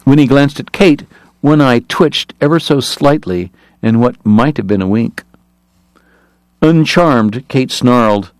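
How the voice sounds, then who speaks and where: A man giving steady scripted narration of a novel. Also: medium pitch, a little slow, dry recording. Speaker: audiobook narrator.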